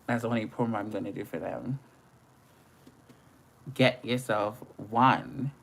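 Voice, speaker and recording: Young female makeup streamer with a very low voice and an unhurried, playful, chatty delivery; she greets viewers by name. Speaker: makeup livestreamer. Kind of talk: live makeup tutorial chat.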